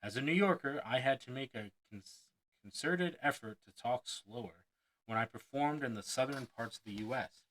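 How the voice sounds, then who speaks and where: A man reading a performance-advice book aloud with lively expression, stopping now and then to comment on his own slips. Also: mid-range voice, low-quality recording. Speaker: reader of a self-help book on performing.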